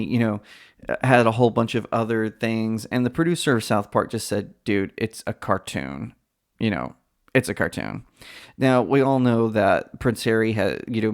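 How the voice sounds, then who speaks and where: A man hosting a pop culture commentary channel, talking in a chatty, opinionated way with frequent fillers. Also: mid-range voice.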